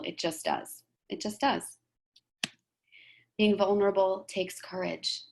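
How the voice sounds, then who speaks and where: A woman giving a motivational talk in a gentle, conversational way, often checking in with "right?". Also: mid-range voice, steady tone, slow pace, vocal fry, long pauses, slight background noise. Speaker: presenter.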